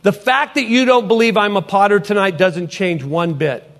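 Middle-aged guy preaching his testimony, high-pitched, punchy, repeats himself a lot. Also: normal speed. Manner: emphatic, repeats phrases, swings between soft and loud. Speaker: evangelist and potter. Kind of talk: sermon testimony.

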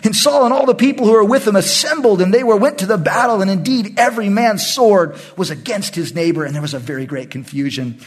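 A man pastor leading a Bible study, animated and acting out the voices of the people in the story. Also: sits high, fast talker, hardly any pauses, breathy edge. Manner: animated, acts out quoted voices. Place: church meeting room.

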